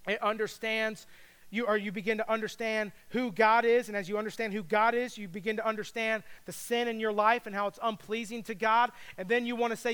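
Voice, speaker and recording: A middle-aged man delivers a sermon as a pastor, talking to the congregation in a conversational, emphatic way. His voice sits very high and is smooth and clear. He slips into short acted quotes as he preaches. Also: a bit bright.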